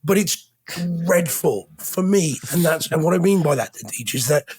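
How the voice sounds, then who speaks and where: A man's voice: on the high side, animated, unhurried, a little mellow, husky. A man with an English accent, co-hosting a casual podcast chat, telling a story and teasing his co-hosts, with a cough. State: has a cough. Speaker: podcast co-host.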